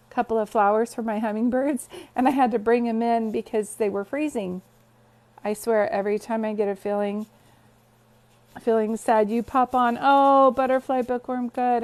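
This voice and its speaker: A talkative woman sits on her bed and hosts a livestream, greeting viewers one by one. Her voice sits a little high, and she drifts easily into personal stories. It sounds like a phone recording. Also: darkish tone. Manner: chatty, greets viewers, storytelling. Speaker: psychic medium livestream host. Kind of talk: casual livestream chat. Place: bedroom, sitting on bed.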